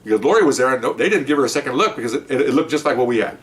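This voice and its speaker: Fast-talking retired cop telling stories. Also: male voice, expressive, recorded from a distance. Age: older. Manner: chatty, repeats "okay?" and acts out quotes in higher voices. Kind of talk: casual anecdote storytelling.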